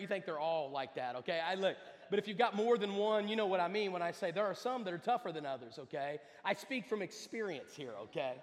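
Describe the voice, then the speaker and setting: A pastor in his forties preaching a sermon, moving from a relaxed storytelling tone into loud, emphatic preaching. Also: high-pitched, long reverb tail.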